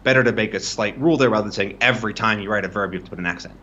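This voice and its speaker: A man with a lowish voice teaches in a relaxed, rambling way, often tossing in "right?" to check that his listener follows. The sound is muffled and lo-fi, like stream audio. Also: rapid-fire. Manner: explains loosely, checks in with frequent "right?". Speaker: language tutor. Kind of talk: casual live-streamed lesson.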